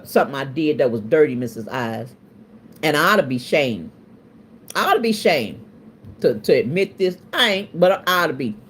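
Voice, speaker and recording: Middle-aged woman, stream host, lively storyteller with a wide-ranging pitch and a colloquial, self-mocking delivery. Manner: animated, laughs often, colloquial and self-mocking. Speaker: livestream host. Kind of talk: casual storytelling to a live chat.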